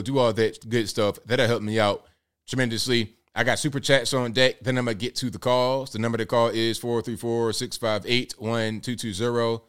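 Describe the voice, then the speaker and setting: A man's voice: medium pitch, fairly bright tone, clean tone. A man hosting a live political commentary show, talking straight to his viewers with a sarcastic edge. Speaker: host.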